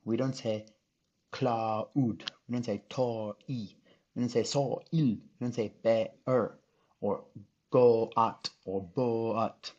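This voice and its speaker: Man, teacher, patient, sounds out letters one by one, husky voice, dull lo-fi recording. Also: mid-range voice, steady tone, slow pace, mellow. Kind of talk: recorded phonics lesson.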